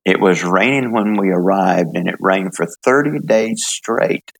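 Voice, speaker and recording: Older guy, really low gravelly voice, husky, lots of uh and restarts. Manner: halting, many fillers and restarts. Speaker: interviewee, intercessor. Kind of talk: relaxed testimony in conversation.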